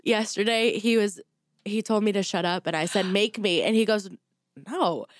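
A young woman co-hosting a casual podcast, her voice stuffy and congested from a cold. She tells stories with frequent laughs in a middle-pitched voice, recorded dry and close. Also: steady tone, brisk, no echo. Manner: laughing storyteller. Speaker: podcast co-host. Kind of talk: casual chat.

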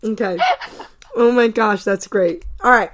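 A woman's voice: medium pitch, a little slow. A woman hosting a radio interview, bubbly and gushing, laughing often. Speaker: radio show host.

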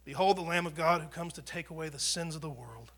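A pastor preaching a conversational sermon, swinging from loud proclamation down to near whispers, often repeating and restarting words. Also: male voice, fairly high pitch, fast talker. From United States.

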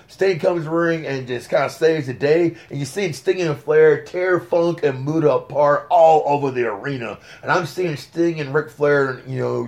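A man, telling stories as an interview guest in a casual podcast chat, excitable and full of fillers. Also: medium pitch, moderate pace. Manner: excitable storyteller, lots of fillers.

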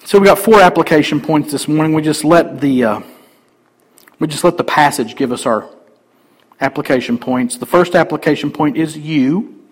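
A man pastor preaching a sermon emphatically, swinging between loud declarations and quiet asides. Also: on the high side, moderate pace, husky, rough recording.

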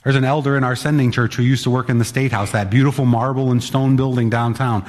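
A man's voice: mid-range voice, fairly even intonation, fast, darkish tone. A male pastor preaching a sermon in a conversational, emphatic way, sometimes acting out the voices of others. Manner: emphatic, conversational, acts out quotes. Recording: long hall reverb.

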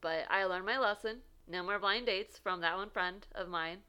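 A young woman co-hosting a podcast, telling a dating story in an animated way, laughing and acting out quotes. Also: medium pitch, normal speed, clean tone. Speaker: podcast co-host. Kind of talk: casual storytelling chat.

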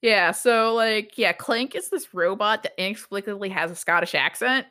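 A woman's voice: mid-range voice, moderate pace, pushed and bright. A woman in her thirties co-hosting a casual podcast chat, rambling with lots of "like" and frequent laughter. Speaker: podcast co-host. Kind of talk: casual chat reviewing a TV show.

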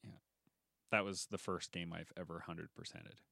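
Low gravelly young man, joking podcast chat. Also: fairly even intonation, normal speed, sharp tone, dry recording, clean studio sound. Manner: joking, laughing, rambling. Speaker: podcast co-host. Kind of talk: casual chat.

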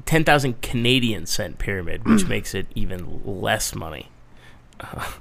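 A man's voice: on the low side, big pitch swings, a little slow, creaky, a bit bright, a little hiss or hum. A man co-hosting a casual tech podcast, chatting loosely with a lot of swearing and mocking voices. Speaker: podcast co-host. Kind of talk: casual profane banter.

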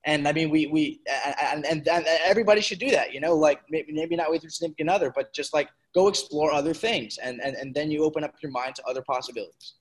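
A man's voice: on the high side, fast talker, hardly any pauses, husky. A man co-hosting a podcast in casual chat, rambling with many restarts. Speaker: podcast co-host.

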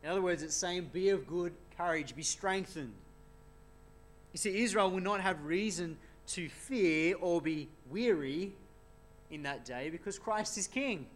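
A man's voice: high-pitched, fairly bright tone. A man preaching an expository sermon in an earnest way, often asking rhetorical tag questions.

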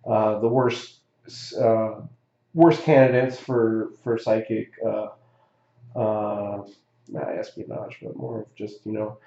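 A man's voice: on the low side, fairly even intonation, slow pace, warm tone, roomy sound, highs cut off. A man telling a story in a casual chat, rambling and swearing, with many fillers and restarts. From Southern California.

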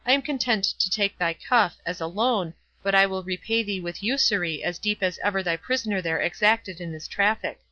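Woman reading a cool, mocking knight; bright voice. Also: mid-range voice, moderate pace, hardly any pauses, no echo, muffled recording, close to an everyday voice. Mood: teasing. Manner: mocking, unruffled. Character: calm, teasing armored knight, man.

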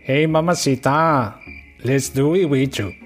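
A man voicing a pleading Mexican lover, with a put-on mock Mexican accent and slow crooning delivery. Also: mid-range voice, faint music behind, lightly acted.

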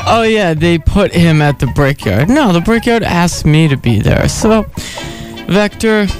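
Radio regular guy, jokey bragging, laughs a lot, fairly high voice, music faint behind. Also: lively intonation, unhurried. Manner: mock-boastful and laughing. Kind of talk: casual on-air banter. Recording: radio broadcast with music under it.

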